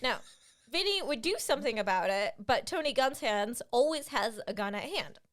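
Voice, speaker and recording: A young adult woman reading her own comedy script aloud in a deadpan narrating voice. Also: fairly high pitch, normal speed. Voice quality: deadpan narration broken by laughter.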